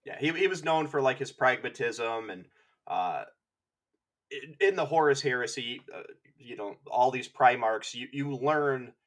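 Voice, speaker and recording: A man's voice: mid-range voice, animated, a little slow, a bit bright. A man co-hosting a podcast, retelling lore in rambling, filler-heavy, profane casual chat. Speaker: podcast co-host.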